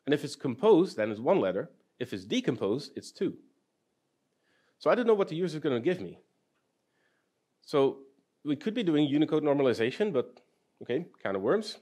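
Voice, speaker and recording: A man's voice: mid-range voice, a little mellow. A man giving a technical talk at a conference. He walks through the problem step by step, asks the audience questions and throws in dry, self-deprecating jokes. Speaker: conference speaker. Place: conference hall.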